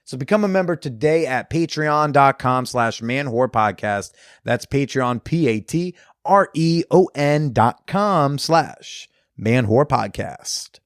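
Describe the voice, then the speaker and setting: A man hosting a podcast, doing casual ad reads and fan shout-outs in a jokey, off-the-cuff way with crude humor. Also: medium pitch, expressive, slow, no room sound, clean studio sound. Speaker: podcast host.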